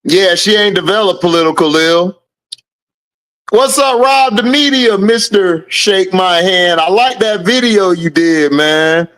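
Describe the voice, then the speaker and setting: A man with a high-pitched voice hosts a laid-back livestream, greeting viewers by name and laughing through his replies. He takes his time and speaks. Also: unhurried, a bit bright. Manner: reads out viewer names and answers chat, laughs often. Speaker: livestream host. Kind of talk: casual live-chat commentary.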